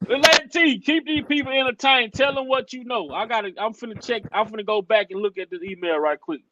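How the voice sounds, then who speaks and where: A man hosting a casual opinion livestream, animated and profane, mocking people as he talks. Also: very high voice, fairly quick, highs cut off. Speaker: livestream host. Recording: loud background noise.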